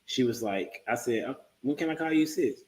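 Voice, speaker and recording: A man in his thirties hosts a casual livestream, talking at a middle pitch. He tells his story in a relaxed, halting way, with plenty of fillers and restarts. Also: low-quality recording. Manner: laid-back, halting storyteller with many fillers. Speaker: podcast host.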